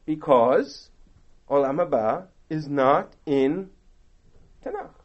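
A man's voice: fairly high pitch, animated, slow, lo-fi sound. A man, a rabbi, giving a text study lecture, asking rhetorical questions and reciting verses, then translating them. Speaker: rabbi teaching a class.

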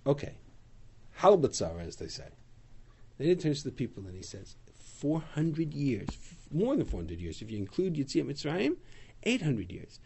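A man teaching a Bible class, retelling the story with animated storytelling and acting out the quotes. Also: on the high side, moderate pace, gravelly, breathy edge. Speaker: Torah teacher.

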